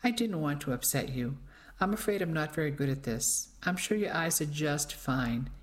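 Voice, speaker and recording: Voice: mid-range voice, expressive, moderate pace, close to an everyday voice. A reader voicing a fussy older woman stranger who talks in a fretful, apologetic way.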